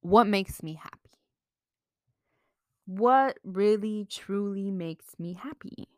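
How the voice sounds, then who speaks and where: A woman's voice: mid-range voice, slow pace, no room sound, clean studio sound. Chatty, frank young woman. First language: bilingual, slips into Mexican Spanish. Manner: chatty, frank, swears freely, laughs at herself. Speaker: vlogger. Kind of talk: casual advice talk to camera.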